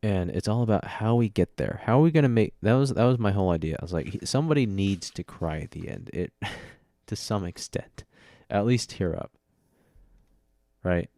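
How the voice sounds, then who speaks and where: A man's voice: on the low side, lively intonation, normal speed, mellow, dry recording. A sleepy man hosting his own podcast, rambling casually about writing a script, yawning and laughing at his own jokes. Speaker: podcast host. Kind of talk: casual solo podcast talk. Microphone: studio mic with audio interface.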